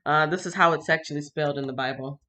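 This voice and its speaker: A woman hosting a casual livestream Bible reading, chatty and lively, laughing and greeting viewers by name. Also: deep voice, fast.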